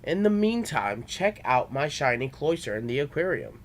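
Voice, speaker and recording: A man's voice: fairly high pitch, very animated, normal speed, a little hiss or hum. A young man voicing a formal, courteous butler of a rich household. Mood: polite.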